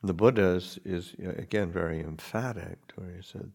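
A man, a Buddhist monk, giving a gentle dharma talk that halts and restarts often. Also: low-pitched, gravelly, breathy edge. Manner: halting, gentle, with many restarts.

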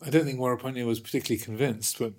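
A man, a Buddhist monk, telling stories in animated conversation with many restarts. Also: mid-range voice, racing. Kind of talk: conversational storytelling.

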